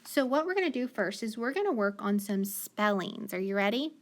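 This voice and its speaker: Speaking in a sing-song, medium-pitched voice, a teacher takes young children through phonics. She's patient, sounds out each letter slowly, and gives frequent praise.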